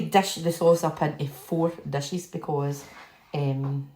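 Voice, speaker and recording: A woman's voice: low-pitched, steady tone, takes it slowly, background noise. A woman chatting casually and rambling while she cooks at home, laughing at herself. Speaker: home cook. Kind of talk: casual cooking vlog. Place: home kitchen. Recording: echoey kitchen with clattering pans.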